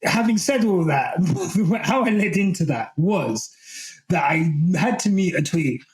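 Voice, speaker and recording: A man's voice: high voice, lively intonation, a little slow, poor audio. A man co-hosting a podcast, talking casually in rambling stretches full of ums and easy laughter. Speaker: podcast co-host.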